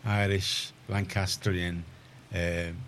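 A man's voice: deep voice, drawn-out words, a little hiss or hum. A man hosting a casual community radio chat, rambling and restarting as he tells stories. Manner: rambling, restarts often, animated storyteller. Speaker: radio show host.

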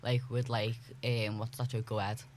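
A man's voice: medium pitch, level tone. A young man, chatting casually and emphatically. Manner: emphatic, quick agreeing remarks. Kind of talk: casual chat.

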